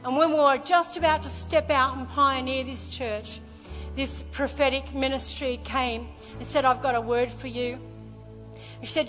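A middle-aged woman pastor preaching a sermon, telling a story with passion, sometimes hushed and sometimes loud. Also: sits high, steady tone, measured pace, long reverb tail, soft background music. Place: large church hall.

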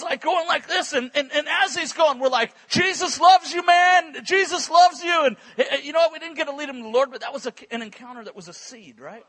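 A man preaching a sermon at a church conference service, telling stories in an animated way and repeating words in quick bursts. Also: very high-pitched, husky. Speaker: guest preacher. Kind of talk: sermon with storytelling.

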